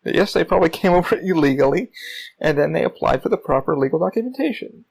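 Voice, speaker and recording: A man's voice: on the high side, lively intonation, fast, vocal fry, a little mellow, husky, rough recording. A man hosting his own podcast, talking in a rambling, casual monologue full of swearing and fillers. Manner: rambling, heavy profanity, frequent fillers. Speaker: podcast host.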